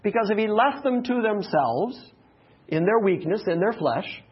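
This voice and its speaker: A man preaches with emphatic, repeated phrases. His voice sits a little high and has a husky edge. The recording sounds dull and lo-fi. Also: expressive, a little slow. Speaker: pastor. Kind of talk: sermon.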